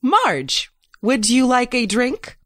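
A woman's voice: a little high, sing-song, slow, fairly bright tone, no room sound, clean studio sound, pitched above the performer's own voice, heavily acted. A woman doing a small, insistent little robot. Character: small cheerful robot, pushy and bargaining.

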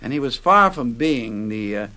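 An older man, a former radio host, reminiscing in an interview in a measured way. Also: mid-range voice, lively intonation, pushed and bright.

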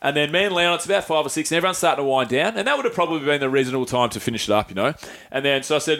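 Fast-talking Australian man telling a story. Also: fairly high pitch. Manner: animated, laughs often, voices other people in stories. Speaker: podcast co-host. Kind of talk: casual storytelling chat.

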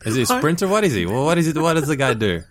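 A man's voice: fairly high pitch, very animated, rapid-fire, no room sound. A man co-hosting a podcast, joking around and going off on tangents. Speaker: podcast co-host.

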